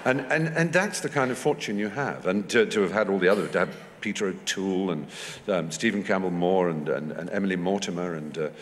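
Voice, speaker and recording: A man from England telling anecdotes on a festival stage, fluent and animated, acting out the voices he quotes. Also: sits low, a little fast, long reverb tail, a little hiss or hum. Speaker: festival guest. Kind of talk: onstage conversation, anecdotal storytelling. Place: festival stage in a large hall or tent.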